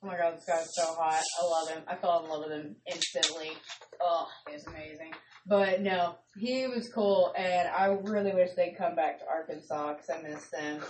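A woman hosting a casual live radio chat, an excitable storyteller who squeals when thrilled. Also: fairly low pitch, moderate pace, distant mic, background noise. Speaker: radio show host. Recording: roomy sound from off-mic.

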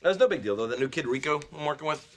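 A man's voice: on the high side, animated, rapid-fire, fairly bright tone. A man playing a goofy, joking husband. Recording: noisy TV sitcom audio.

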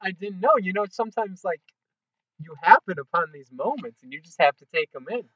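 Bright, animated young man telling stories. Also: sits high, a little fast, dry recording. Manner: animated storyteller, laughs often, acts out quoted voices. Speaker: podcast co-host. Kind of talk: casual comedic chat. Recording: dull lo-fi sound.

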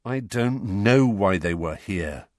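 A man voicing a weary, troubled teenage boy wizard in an audiobook, speaking quietly and heavily. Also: on the low side, animated, slow pace, dry recording, clean studio sound. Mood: subdued. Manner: quiet, heavy, subdued. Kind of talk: audiobook character reading.

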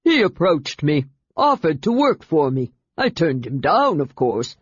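A reader voicing a boastful, pompous male hobgoblin lord who talks loudly and brags. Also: medium pitch, big pitch swings, unhurried, slightly rough, no room sound, dull audio. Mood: blustering. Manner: loud, blustering, self-important.

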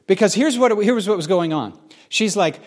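Man, middle-aged pastor, sermon testimony, candid and conversational, slightly high voice, frequent restarts. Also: expressive, moderate pace, a little mellow. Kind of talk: sermon-style personal testimony.

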